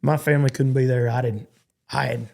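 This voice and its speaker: A man's voice: mid-range voice, steady tone, fairly quick, gravelly, dark tone. A Texan man in his forties, a podcast guest telling rambling stories with lots of restarts. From Texas. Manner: rambling, stop-start storytelling with repeated restarts. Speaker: guest, cowboy. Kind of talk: storytelling in a podcast interview.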